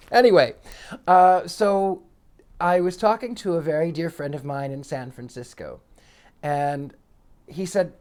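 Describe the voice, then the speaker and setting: Male channel host, casual storyteller, chatty and animated, rambling with restarts. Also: on the high side, a little slow, pauses often. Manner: animated, acts out quoted voices.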